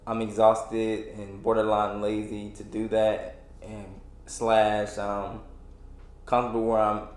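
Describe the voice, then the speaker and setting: A man's voice: lowish voice, completely flat delivery, slow, roomy sound. A man in his twenties hosting a solo podcast, venting in a rambling, frustrated way with many restarts and fillers. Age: 20s. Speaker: podcast host. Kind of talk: casual solo podcast rant.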